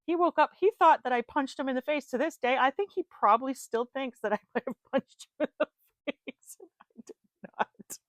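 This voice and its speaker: A middle-aged woman giving a casual tarot reading, rambling into animated personal stories and laughing often. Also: sits high, moderate pace, no room sound. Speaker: tarot reader.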